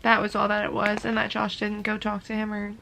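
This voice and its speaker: A woman's voice: medium pitch, completely flat delivery, a little fast, vocal fry, bright, forceful tone, slight background noise, low-quality recording. A young woman in a casual reading vlog, reacting emotionally as she goes and using "like" often, recorded in a room at home. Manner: emotional running reactions full of "like". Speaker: book vlogger.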